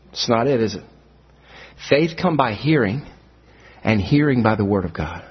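A middle-aged man preaching a sermon in a chapel, swinging between high, loud, fast outbursts and low, quiet asides. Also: expressive, husky. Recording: muffled dull recording.

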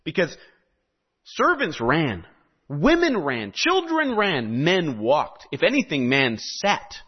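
A man's voice: fairly high pitch, huge pitch swings, takes it slowly, breathy edge. A man from South America preaching a sermon, telling a story with animation and asking his listeners questions. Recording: slightly muffled recording.

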